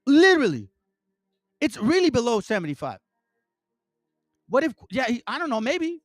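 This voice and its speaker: A man's voice: extremely high pitch, sing-song, normal speed, no room sound, soft background music. A man hosting an online commentary, reading passages aloud and reacting in a heated, profane rant full of stumbling restarts. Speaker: channel host.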